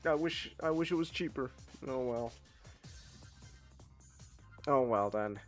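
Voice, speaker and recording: Male stream host, casual and joking, prone to loud outbursts, lively swooping pitch. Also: slow, soft background music. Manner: joking, swears freely, bursts into loud outbursts. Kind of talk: casual live-stream chat.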